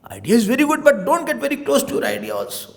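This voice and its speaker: A man with an Indian accent giving a spiritual discourse, playful and animated, slipping Hindi phrases into his English. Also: extremely high pitch, fast. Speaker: spiritual teacher.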